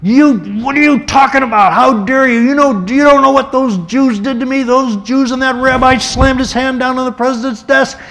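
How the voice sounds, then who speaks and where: A man voicing an indignant older male president who talks loudly and heatedly in a raised voice. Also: sits high, normal speed, few pauses, pitched above the performer's own voice, close to an everyday voice. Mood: outraged.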